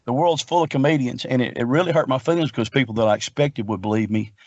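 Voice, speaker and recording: A man's voice: medium pitch, fast talker, no room sound, highs cut off. A middle-aged man telling a long personal story in an earnest, rambling way, often repeating himself. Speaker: guest researcher. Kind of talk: casual storytelling.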